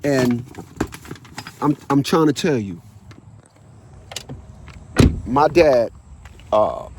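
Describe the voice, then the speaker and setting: A man's voice: medium pitch, expressive, drawn-out words. A man telling a personal story in a casual monologue. He rambles, repeats words for emphasis and swears bluntly. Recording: outdoor traffic noise.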